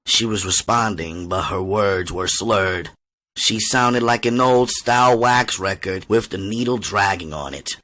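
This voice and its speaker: A man reading a novel aloud as an audiobook reader, with steady, measured storytelling. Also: on the low side.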